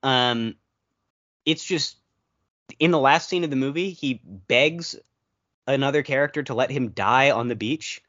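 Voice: medium pitch, a little slow, pauses often, fairly bright tone, dull audio. A podcast co-host chatting casually about movies, telling long rambling stories with playful quoted asides.

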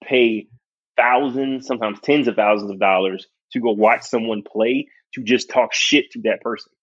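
A young man hosting a podcast, chatting casually with a guest, animated and swearing freely. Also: mid-range voice, moderate pace, slightly rough, muffled recording. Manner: animated, swearing, laughing often. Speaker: podcast host. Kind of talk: casual chat.

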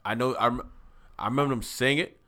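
A man's voice: mid-range voice, fast, pushed and bright. A man co-hosting a casual anime talk, telling the story with lots of slang and swearing. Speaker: podcast co-host.

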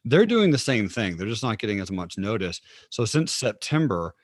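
A man's voice: lowish voice, very animated, moderate pace, slightly rough, dry recording, studio quality. A man who trades stocks, speaking as a podcast guest and patiently explaining things in a friendly way, with easy laughs. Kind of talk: explanatory interview talk.

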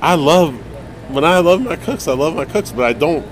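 A man's voice: a little high, lively intonation, normal speed, noisy background. A man hosting a podcast, teasing his guests in loose, joking banter and swearing freely. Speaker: podcast host. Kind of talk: casual banter among barbecue cooks.

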